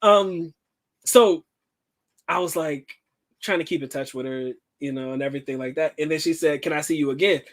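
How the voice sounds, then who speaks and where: A man hosting a livestream, telling a personal story in a casual, slangy, profane way and acting out the quotes with lively swings. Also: fairly high pitch, moderate pace. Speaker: livestream host.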